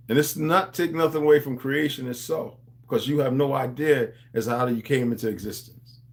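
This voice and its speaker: A man hosting a livestream, talking in a loose, rambling monologue. He preaches to his viewers in street slang and calls them beloved. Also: medium pitch. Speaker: livestream host.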